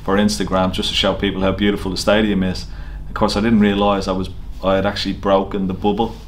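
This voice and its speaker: At a snooker venue, a man who plays snooker casually tells an anecdote to camera, chatty and full of fillers and easy laughter. His voice is low with little pitch movement and a quick pace, with slight background noise.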